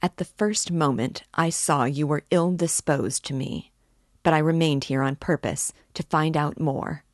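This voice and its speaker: A woman reading the lines of a pompous, touchy gentleman suitor in a stiffly formal, supercilious manner. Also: sits low, steady tone, unhurried, no echo, clean studio sound. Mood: cold restraint.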